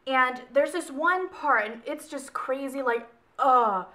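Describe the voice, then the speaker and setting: Chatty young woman with a bright voice. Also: sits high, slow pace. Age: young adult. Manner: rambling, self-correcting, chatty. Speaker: book vlogger. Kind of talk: casual book review.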